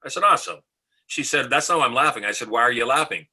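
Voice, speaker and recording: Speaking very fast, a middle-aged US motivational speaker confidently shares a story as a podcast guest, acting out the conversation. His voice is mid-range, sharp, and slightly rough, and the recording is rough.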